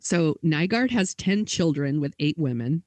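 Higher-voiced man telling a story, casual. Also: expressive, a little slow, a little mellow, dry recording. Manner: casual, filler-heavy retelling with acted quotes. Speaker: podcast host.

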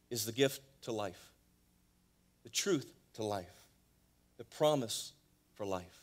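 A man's voice: on the low side, lively intonation, slow pace, long pauses. Man preaching a story-driven sermon. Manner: dramatic storyteller, voice rising and falling widely. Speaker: pastor. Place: church sanctuary.

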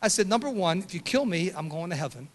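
High-pitched, shouting older preacher. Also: male voice, animated, fast talker. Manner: loud, emphatic preaching that swings to quiet storytelling. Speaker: pastor. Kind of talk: sermon.

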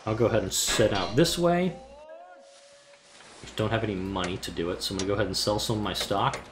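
A man's voice: lowish voice, brisk, background noise. A man giving casual let's play commentary, thinking aloud and muttering to himself as he plans moves, with the odd mild swear.

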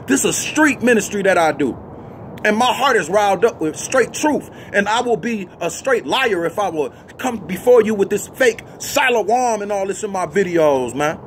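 A man with a notably high voice preaches a freestyle street sermon, blunt and fiery. He cusses freely and keeps tagging his lines with "man." Faint vehicle noise hums behind him. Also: lively intonation, normal speed. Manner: fiery and blunt, cussing, with constant "you see what I'm saying" and "man" tags.

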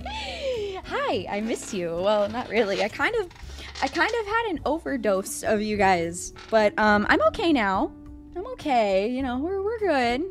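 Woman streamer with a high, bouncy voice; excitable, rambling, swears freely; faint music underneath. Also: a little slow. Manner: rambling, repeats herself. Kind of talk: casual live-stream chat.

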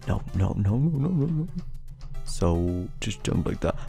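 A young man doing hushed gaming commentary late at night at home, tense and excitable, swearing in bursts and often dropping to a near whisper. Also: fairly low pitch, a little slow, vocal fry, faint music behind. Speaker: gaming YouTuber. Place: home at night while family sleeps.

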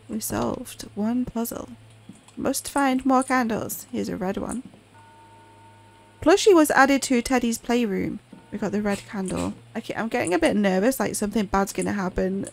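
A woman talks casually through a horror game, reacting aloud as she plays. Her voice is fairly high with a gravelly fry running through it. She keeps up a chatty stream of remarks. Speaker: gaming channel host. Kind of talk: casual let's-play commentary.

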